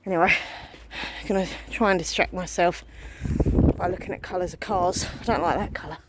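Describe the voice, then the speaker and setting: Out on a residential street, a woman in her thirties walks and vlogs casually, anxious and short of breath. She speaks briskly with a fairly low, fairly even voice against a noisy background, sounding chatty, self-mocking, and prone to sighs.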